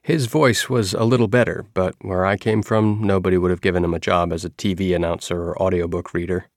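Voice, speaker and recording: A man reading a first-person novel aloud in a measured, even storytelling manner. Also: low voice, no room sound, clean studio sound. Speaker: audiobook narrator.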